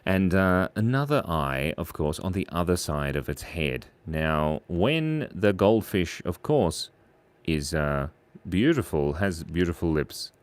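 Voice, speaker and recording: A man, livestreaming as he draws. He chats playfully with viewers, reads out their names and gives shout-outs, and drops to a soft murmur while he draws. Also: deep voice, sing-song, takes it slowly, smooth. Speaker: streamer drawing live for viewers. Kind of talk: chatty live-stream drawing commentary.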